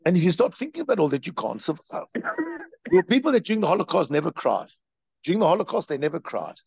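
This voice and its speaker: Brief: male rabbi lecturing, husky, lively pitch, dry slightly muffled sound. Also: no room sound. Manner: animated, repetitive storytelling with rhetorical questions. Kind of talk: Torah lecture.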